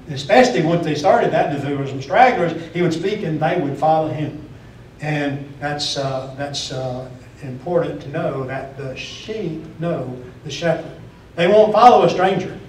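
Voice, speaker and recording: A man's voice: fairly high pitch, darkish tone, slight background noise. Plainspoken man preaching in an echoey church. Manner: plainspoken, repeats and restarts phrases. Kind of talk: sermon. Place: church auditorium. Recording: echoey room from far off.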